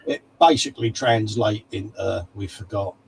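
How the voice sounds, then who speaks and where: A man's voice: on the low side, normal speed, gravelly, a little hiss or hum, rough recording. Chatty man calling everyone mate. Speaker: livestream co-host. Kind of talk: casual chat reading out live comments.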